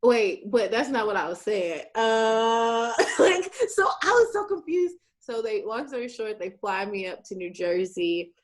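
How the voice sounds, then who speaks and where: Young woman, casual guest, animated storyteller who acts out every exchange. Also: a little high, unhurried, hardly any pauses. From Shreveport, Louisiana, USA. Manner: animated, plays out conversations in quoted voices.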